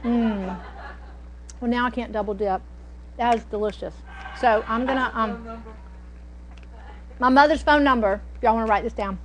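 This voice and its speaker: A woman's voice: a little high, normal speed, long pauses, noisy background. A middle-aged woman, chatting and telling stories while teaching a cooking class. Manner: chatty, storytelling, folksy. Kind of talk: casual cooking demonstration.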